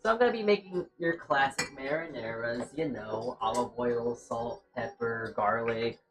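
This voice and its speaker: A streamer cooks in a home kitchen, rambling casually to viewers and to themself while reading chat. The voice is medium-pitched at normal speed. A distant mic picks it up with music playing behind.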